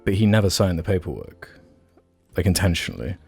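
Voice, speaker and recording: A man with a very deep voice rambles through a story on a casual podcast, full of "like" and "um". Soft music sits faintly underneath. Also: sing-song, a little fast, vocal fry, slightly rough, no room sound. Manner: rambling storyteller, many fillers and restarts. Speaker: podcast co-host. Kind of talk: casual chat.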